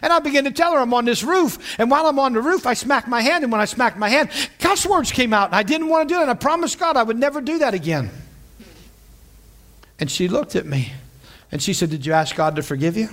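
High-voiced preacher telling a story. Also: male voice, fairly quick. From western Pennsylvania. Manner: animated, repeats words, checks in with listeners. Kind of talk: sermon storytelling.

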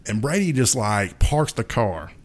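A man's voice: mid-range voice, sing-song, a little slow. Rambling male podcast storyteller. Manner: rambling storyteller, makes sound effects. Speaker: podcast co-host. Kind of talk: casual chat.

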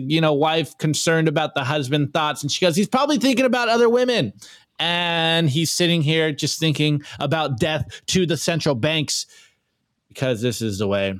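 Man, podcast host, fairly high voice, dry close sound, energetic, slangy, laughing. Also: no echo. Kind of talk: casual meme review.

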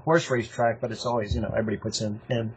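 A man's voice: lowish voice, little pitch movement, racing, slightly rough. An older man telling rambling, profane stories from his club days in a casual interview, laughing often. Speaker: interview guest, longtime running club member. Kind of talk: casual anecdotal storytelling.

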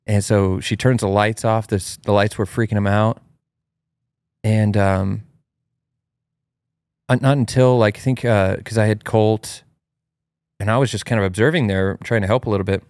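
Low-voiced man telling a story, animated. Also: moderate pace, long pauses, no echo. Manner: animated, acts out his child's cries in a high voice. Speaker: host. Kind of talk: casual storytelling chat.

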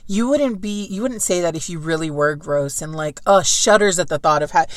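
A woman's voice: on the low side, normal speed, no room sound. Swearing woman in a casual book chat. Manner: swears a lot, acts out quotes with laughs.

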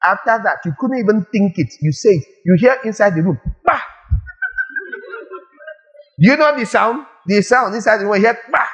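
High-voiced animated male preacher. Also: fast, few pauses, low-quality recording. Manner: animated, rhetorical questions, acts out scenes. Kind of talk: sermon.

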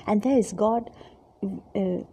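A woman giving a devotional Bible reflection, speaking gently and haltingly, repeating her words and dropping now and then to a soft whisper. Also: mid-range voice, a little hiss or hum. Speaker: Bible teacher.

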